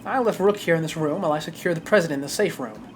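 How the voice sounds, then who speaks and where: A streamer voicing a precise, composed male prosecutor with measured, formal delivery while reading a game aloud. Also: mid-range voice, slight background noise, natural voice.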